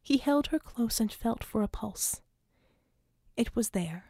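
A woman narrating an audiobook in a dramatic, tense reading that rises to shouts and drops to sobs for the characters. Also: fairly high pitch, animated, takes it slowly, long pauses, dry recording, clean studio sound. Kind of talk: scripted narration.

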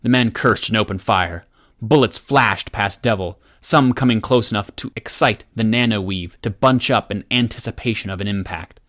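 A man narrating an action story aloud as an audiobook reader, in a steady, measured way. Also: lowish voice. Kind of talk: scripted narration.

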